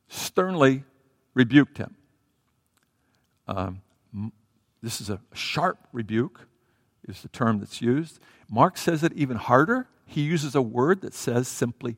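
A man preaches in a church, acting out the story with animated swings between loud and soft delivery. His voice sits a little high, and it sounds close and dry. A long hall reverb trails behind it. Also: a little slow, long pauses. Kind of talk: sermon.

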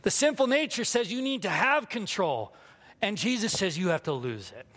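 Guy pastor, kinda high voice, candid and poking fun at himself, big hall echo. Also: very animated, normal speed, fairly bright tone. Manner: candid, self-mocking storytelling. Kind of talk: sermon with personal story. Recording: long hall reverb.

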